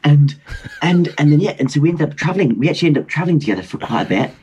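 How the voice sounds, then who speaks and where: A man in his twenties from Britain, an excitable, animated storyteller chatting casually as a podcast guest over a video call. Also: a little high, rapid-fire, highs cut off, slight background noise. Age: 20s. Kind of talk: casual chat.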